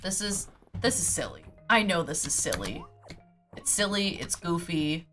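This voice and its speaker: A woman's voice: on the low side, big pitch swings, measured pace, a bit bright, soft background music. A woman streaming a cozy farming game, chatting to herself in a goofy way, humming and scatting as she sorts her items. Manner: goofy, hums and scats to herself while sorting items. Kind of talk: casual gameplay chatter. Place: home streaming setup.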